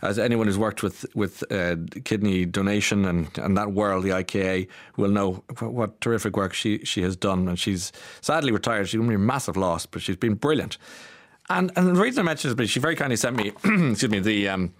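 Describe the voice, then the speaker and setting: A man's voice: fairly low pitch, lively intonation, brisk. A man with an Irish accent hosting a morning radio show, rambling and self-mocking as he tells stories and reads texts. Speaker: radio host. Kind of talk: chatty morning radio talk.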